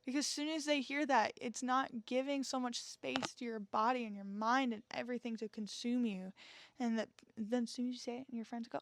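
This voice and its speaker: A woman's voice: on the high side, steady tone, brisk. A young woman hosting a solo podcast, talking in an earnest, reassuring, chatty way and often checking in with "okay?". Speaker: podcast host.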